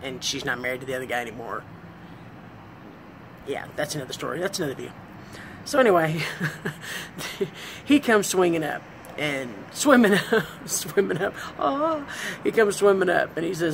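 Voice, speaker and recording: A woman vlogger telling a comic personal story, animated and self-deprecating, laughing as she goes. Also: deep voice, normal speed, vocal fry, pauses often, a little hiss or hum, rough recording.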